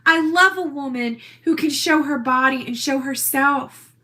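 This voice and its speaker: A woman's voice: high voice, steady tone, unhurried, pushed and bright. A woman ranting into her own video in a brash, profane, defiant way. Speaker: social media poster. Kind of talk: rambling self-recorded video rant.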